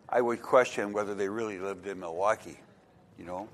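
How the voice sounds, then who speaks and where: A man's voice: lowish voice, fairly even intonation, moderate pace. A male pastor telling a joke in his sermon, in a folksy, chuckling storytelling manner.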